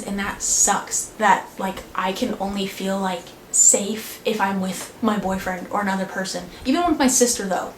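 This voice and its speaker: A young woman vlogger telling a story in casual chat, filling her talk with "like". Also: medium pitch. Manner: chatty, frequent "like" fillers. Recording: echoey room with faint noise.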